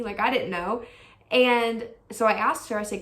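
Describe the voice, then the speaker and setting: A woman's voice: a little high, fairly quick, bright, forceful tone, echoey room, distant mic. A young woman vlogger telling a personal story in a casual, chatty way, full of "like" fillers and acted-out quotes. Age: young adult.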